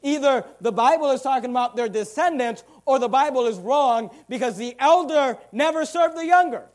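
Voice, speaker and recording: A man's voice: very high-pitched, normal speed. A man preaching a sermon, teaching verse by verse and acting out the characters' thoughts in quoted asides. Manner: verse-by-verse Bible teaching, urging listeners to underline words. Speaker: pastor.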